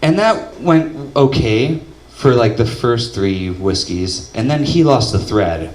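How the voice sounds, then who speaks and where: Young man, stand-up comedian, deadpan storyteller, shouted punchlines, lively pitch, echoey club, heard from a distance. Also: slow. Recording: roomy club audio from a distance. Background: audience laughter.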